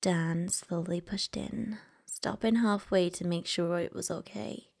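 Woman whispering a story real slow, soft and intimate, bit of a gravelly crackle. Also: on the low side, fairly even intonation.

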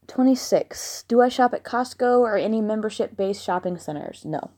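At home with a dog nearby, a woman from the American South reads listener questions aloud and answers them frankly and bluntly, with giggly asides. Her mid-range voice is expressive, a little mellow, and moderately paced in this casual Q&A monologue.

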